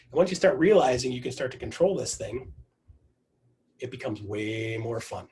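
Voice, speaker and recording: A man giving an energetic motivational talk to his team, telling a story with lots of repetition, speaking in an online video meeting. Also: medium pitch, moderate pace.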